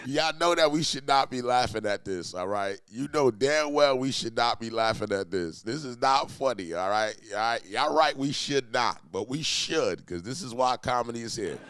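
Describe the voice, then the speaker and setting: A man's voice: medium pitch, lively intonation, normal speed, hardly any pauses, fairly bright tone. A man hosting a reaction video, talking casually about the comedy he is watching. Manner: laughing, incredulous reactions.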